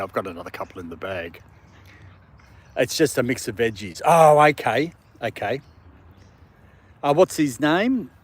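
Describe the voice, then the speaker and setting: A man's voice: on the low side, breathy edge. A man chatting casually on a live stream, talking to his dog and viewers and laughing often. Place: park outdoors in the evening.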